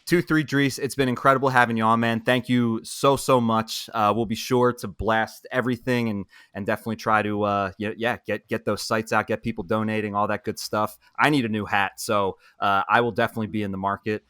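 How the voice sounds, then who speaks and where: A man co-hosting a casual sports podcast, talking in an animated way and asking quick questions. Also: fairly low pitch, smooth, no room sound, clean studio sound. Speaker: podcast co-host.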